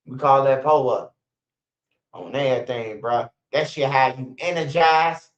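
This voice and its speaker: Unhurried and mid-range in pitch, this channel host in his forties tells wandering, profane stories during a casual livestream. He laughs a lot and frequently starts sentences over. Audio is roomy, dull and lo-fi.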